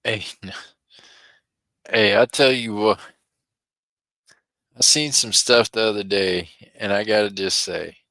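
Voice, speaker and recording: Folksy low-voiced man hosting an auction. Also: takes it slowly, long pauses, pushed and bright, dry recording. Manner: folksy, chatty, chuckles often. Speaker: online auction host. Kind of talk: live-stream auction chat.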